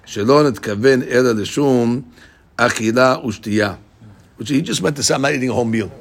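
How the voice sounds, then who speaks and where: A man teaches a class on a text, explaining it animatedly while acting out the people he quotes and often repeating himself. His medium-pitched voice comes rapid-fire.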